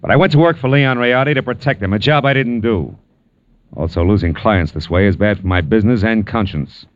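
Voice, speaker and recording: An actor playing Philip Marlowe, wry private eye. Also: male voice, lowish voice, a little fast, lightly acted. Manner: wry, clipped, sardonic. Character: hard-boiled male private detective, wry and tough. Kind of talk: 1940s radio acting. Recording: dull old radio broadcast with music.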